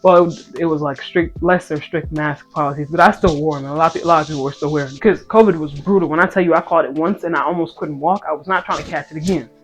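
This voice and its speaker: Animated young storyteller, faint music behind. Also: medium pitch, quick pace, hardly any pauses. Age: 20s. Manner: animated, swinging between loud outbursts and hushed asides; playful slangy banter with viewers. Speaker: content creator. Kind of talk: casual storytime and Bible talk. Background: faint background music.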